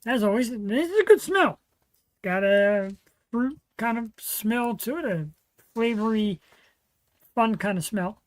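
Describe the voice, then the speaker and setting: A man's voice: sits high, expressive, measured pace, long pauses, dry recording, low-quality recording. Chatty rambling male stream host. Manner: rambling, chatty, full of fillers. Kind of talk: casual solo livestream chat.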